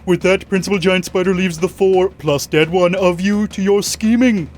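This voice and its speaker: A man's voice: high-pitched, steady tone, moderate pace, a little mellow, a little hiss or hum. A man reading game narration aloud in a wry, mock-dramatic way.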